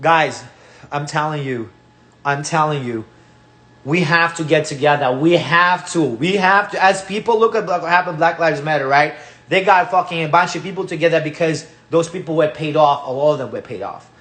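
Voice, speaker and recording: A man's voice: a little high, moderate pace, fairly bright tone. A man with a Russian accent, a native Russian speaker, giving a heated, profane rant as host of his own channel. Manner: profane, repetitive, ranting.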